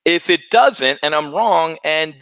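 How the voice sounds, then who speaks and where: A man hosts a live trading webinar in a folksy, joking patter. His voice is bright and forceful. The sound is dry and a bit dull and lo-fi. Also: on the high side, takes it slowly, no echo. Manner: folksy, animated, jokey salesman patter.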